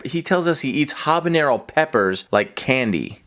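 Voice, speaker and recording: A young man telling a funny personal story in a vlog, animated and hyperbolic, with jokey asides. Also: mid-range voice, normal speed, hardly any pauses.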